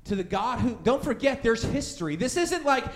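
Man pastor with a high, youthful-sounding voice, preaching casually and acting out his stories with lots of energy. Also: normal speed. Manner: animated storytelling, acting out scared voices; conversational, many fillers like "right?" and "like". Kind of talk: sermon with personal story.

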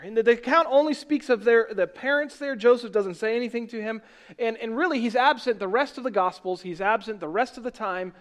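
An earnest man preaching a sermon, his voice sitting a little higher than most men's. He talks in a conversational way, often restarting phrases and correcting his slips as he goes. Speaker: pastor.

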